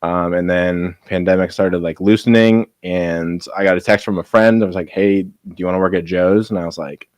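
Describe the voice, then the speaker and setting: Low-voiced man, chatty podcast guest. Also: fairly even intonation, moderate pace, few pauses, smooth, no room sound. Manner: filler-heavy, upbeat, lots of "like". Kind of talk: casual chat.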